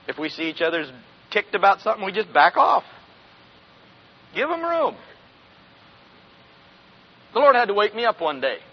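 A man's voice: high-pitched, sing-song, moderate pace, pauses often, husky. A man in his sixties preaching a folksy sermon, often asking the congregation questions and chuckling. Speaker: pastor. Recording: dull lo-fi recording.

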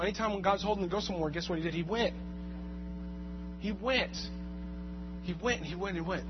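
Animated high-voiced man preaching. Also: fast, long pauses. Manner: animated, swings from quiet asides to loud shouts. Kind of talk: sermon. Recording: muffled recording with music and hum.

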